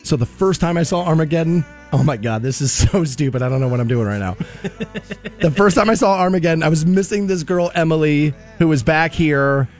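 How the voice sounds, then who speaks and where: A man hosting a rock radio show, telling stories loudly and laughing at himself between promo reads. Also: a little high, fairly quick, soft background music. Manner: animated, shouting storyteller who laughs at himself. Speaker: radio morning show host. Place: radio studio.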